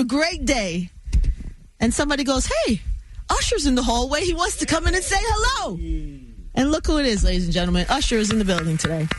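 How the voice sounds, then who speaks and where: A woman hosting a live radio show in a studio, talking in a playful, teasing and excitable way with her guest. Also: sits high. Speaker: radio host. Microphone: studio microphone.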